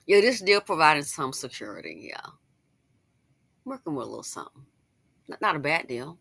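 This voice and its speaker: A woman's voice: low-pitched, expressive, moderate pace, gravelly, sharp tone, no echo. A woman giving sassy, chatty commentary to her viewers, with frequent asides. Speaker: online commentator. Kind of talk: casual commentary.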